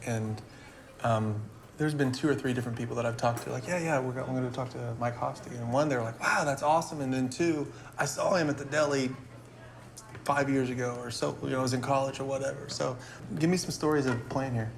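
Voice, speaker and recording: A man's voice: medium pitch, steady tone, fairly quick, gravelly. A man hosting a casual interview, asking loose questions full of filler words. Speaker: interviewer host.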